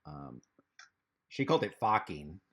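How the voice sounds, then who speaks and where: A man doing a stand-up comedy set over a video call, rambling and halting, with lots of fillers. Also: low-pitched, sing-song, gravelly, a bit bright.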